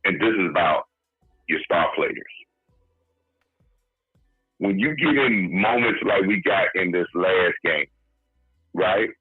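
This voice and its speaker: A man's voice: sits low, slow, long pauses, dry recording. A man co-hosting a sports podcast, lecturing emphatically on football and repeating his points. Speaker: podcast co-host. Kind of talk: sports talk analysis. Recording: husky phone-like line, faint music.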